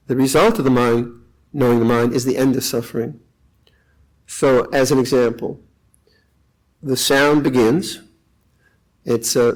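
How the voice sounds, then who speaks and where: An older man, a monk, giving a calm, reflective meditation talk with frequent pauses at a retreat. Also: mid-range voice, poor audio. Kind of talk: dharma talk.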